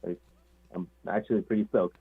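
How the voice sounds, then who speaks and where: A man's voice: low voice, steady tone, a little fast, vocal fry, slightly rough. A young man from Mexico calling in on the phone, eager, laughing often and modest. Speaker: caller. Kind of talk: phone call-in chat. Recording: tinny phone line.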